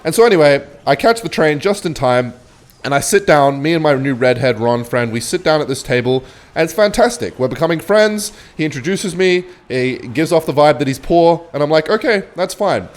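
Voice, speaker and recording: Young man, London accent, casual gameplay storytelling, swears a lot, lively sing-song delivery. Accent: London English. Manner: animated, swearing, comic retelling with quick jumps in pitch. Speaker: gamer telling a story while playing.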